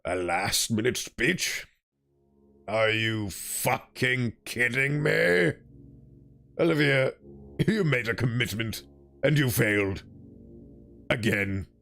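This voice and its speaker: A man's voice: animated, a bit bright, soft background music. A man voicing a bitter, tired young man who talks down to others with cold contempt. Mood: contemptuous. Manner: cold, contemptuous, slow and low.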